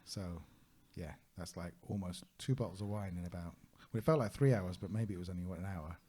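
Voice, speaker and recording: Low-voiced, husky male podcast co-host. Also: a little fast, mellow. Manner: chatty anecdotal, laughs often, searches for words. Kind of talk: casual conversational storytelling.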